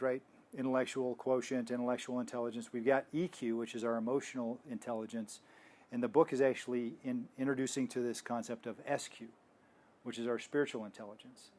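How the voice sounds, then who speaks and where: A man's voice: mid-range voice, a little mellow. A man teaching in a casual faith talk, rambling with restarts and telling stories. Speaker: health ministry teacher.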